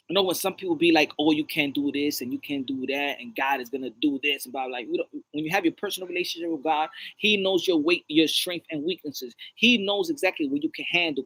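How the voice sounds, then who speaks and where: A man's voice: high voice, pushed and bright, husky, low-quality recording. A man co-hosting a podcast, talking in a rambling, preachy, repetitive way. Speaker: podcast co-host. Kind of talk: casual chat.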